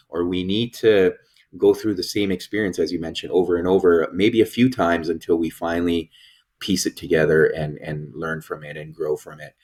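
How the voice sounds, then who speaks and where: Man, podcast host, very low voice, reflective, thinking aloud, casual conversation. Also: slightly rough.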